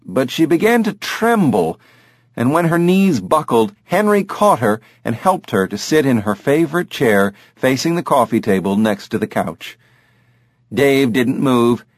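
A man's voice: mid-range voice, big pitch swings, a little slow, no echo, clean studio sound. A man reading an audiobook in a scripted narration style.

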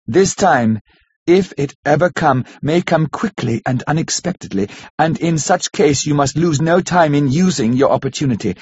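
A man's voice: a little high, animated, moderate pace, a little hiss or hum, pitched above the performer's own voice, close to an everyday voice. A man voicing a solemn, devoted young wife. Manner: earnest, pleading, softly solemn. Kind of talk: audiobook character reading. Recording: dull lo-fi audiobook recording.

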